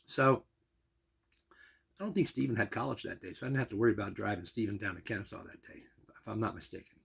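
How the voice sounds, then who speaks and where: A man's voice: fairly low pitch, quick pace, fairly bright tone. An older man telling a long personal story in a rambling, casual way, full of asides and restarts. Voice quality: gravelly, husky.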